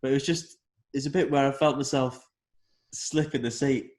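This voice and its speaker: A man hosting a chatty podcast, with a voice of ordinary middle pitch. He tells stories against himself in a relaxed way, with plenty of ums and uhs. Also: moderate pace. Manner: relaxed, self-deprecating storytelling with fillers. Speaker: podcast host. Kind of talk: casual chat.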